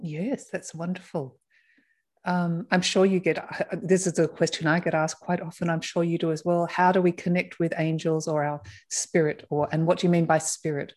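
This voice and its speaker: A woman hosts a casual interview, asking gentle questions and responding warmly to her guest's answers. Her voice sits a little on the low side. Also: level tone, normal speed. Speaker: interview host.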